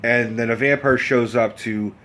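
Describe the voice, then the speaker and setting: A man's voice: mid-range voice, steady tone, moderate pace, a bit bright. A man in a casual vlog rant, telling a story in a rambling, profane way with many restarts. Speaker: vlogger.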